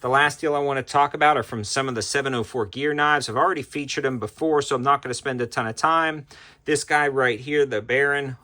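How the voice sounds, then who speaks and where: Bright-voiced man rattling off knife deals. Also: medium pitch. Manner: quick, upbeat sales-style patter. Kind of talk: product deal rundown.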